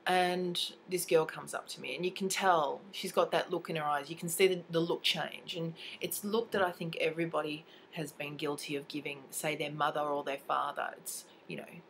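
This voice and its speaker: A woman's voice: deep voice, steady tone, moderate pace, hardly any pauses, a bit bright, a little hiss or hum, low-quality recording. A young Australian woman with a cold, telling a story in an indignant, swearing casual rant to camera. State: has a cold.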